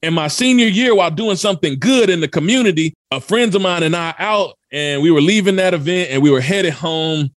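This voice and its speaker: A man's voice: high-pitched, lively intonation, brisk, hardly any pauses, no echo, clean studio sound. A man from Memphis, telling a story as a podcast guest with urgent, emphatic energy. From Memphis, USA. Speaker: podcast guest, motivational speaker. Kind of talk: dramatic personal storytelling.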